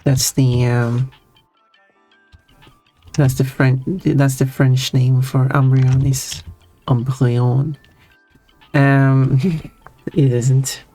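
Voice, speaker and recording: While drawing, a streamer chats casually, reading out and answering chat messages at a slow, unhurried pace in a mid-pitched voice with little pitch movement. The talk rambles, and sentences often stall, restart, and stumble, with soft music playing faintly underneath.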